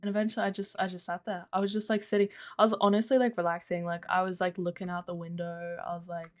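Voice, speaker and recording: A woman's voice: fairly low pitch, level tone, quick pace. A young Australian woman on a live stream, casually telling stories with lots of "like", swearing and frequent laughter. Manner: chatty storytelling, heavy use of 'like', swearing, laughing. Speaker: livestreamer.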